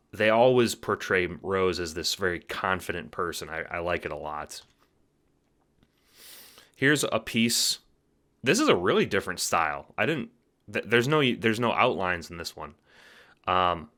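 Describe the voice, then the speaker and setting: A man's voice: low voice, animated, normal speed, pushed and bright. A man casually reviewing fan art, enthusiastic and rambling, swearing freely, sleepy late at night. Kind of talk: casual commentary.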